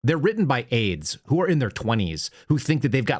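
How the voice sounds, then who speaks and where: A man's voice: medium pitch, sing-song, fairly quick, few pauses, husky, no room sound. A man in his forties hosting a political commentary show, sarcastic and rambling, talking casually from a studio. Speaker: show host.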